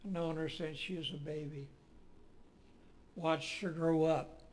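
A man's voice: fairly high pitch, fairly even intonation, a little hiss or hum. A man preaching a sermon in a folksy, storytelling way, rising dramatically when he quotes. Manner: folksy, slow, with dramatic rises when quoting.

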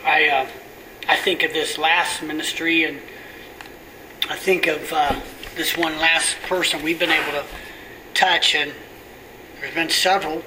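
A middle-aged pastor telling a story in a sermon, often sinking to a hushed near-whisper. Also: male voice, on the high side, unhurried, pauses often. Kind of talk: sermon testimony. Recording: distant mic with steady air conditioning hum.

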